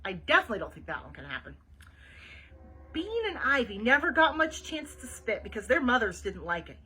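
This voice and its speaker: A woman librarian reads a children's chapter book aloud with a very lively, bouncing delivery. Her voice is bright and a little breathy, pitched somewhat high. She breaks off now and then for chatty asides to young listeners. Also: brisk, rough recording.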